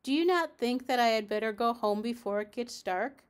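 A woman's voice: fairly high pitch, lively intonation, normal speed, clean tone, lightly acted. A woman voicing an anxious, polite little female dog in a storybook reading, in a fretful, genteel manner.

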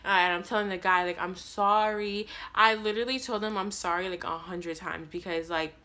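A young woman tells a story on her vlog in a bright, clear voice. She rambles, restarts her sentences and tells it in an animated way. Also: on the low side, brisk. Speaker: vlogger.

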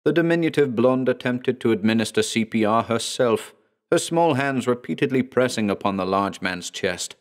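A man narrating a horror story in a measured, dramatic storytelling manner. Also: mid-range voice, lively intonation.

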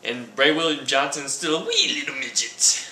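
A man voicing a cheeky male news reader in a put-on Irish accent, with a loud, mocking delivery. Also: a little high, wildly swooping pitch, normal speed, exaggerated voice. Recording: roomy echo from a distant mic.

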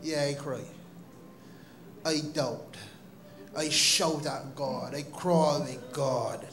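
A man with a Barbadian accent giving an earnest, animated personal testimony at a church service. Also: mid-range voice, very slow, a little hiss or hum. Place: church sanctuary. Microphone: live-streamed service mic.

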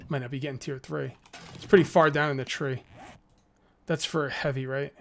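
A man's voice: on the high side, normal speed, a little hiss or hum. A man hosting a let's play, giving casual gameplay commentary and taunting enemies as he goes. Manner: excitable, jokey, taunts enemies.

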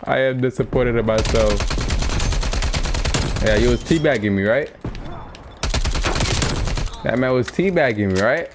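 Excitable man narrating a shooter game. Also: mid-range voice, a little slow, long pauses. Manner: excitable, trash-talking, addresses viewers as y'all. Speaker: gaming streamer. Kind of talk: casual gameplay commentary. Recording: game gunfire noise behind voice. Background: clear gunfire and game sounds.

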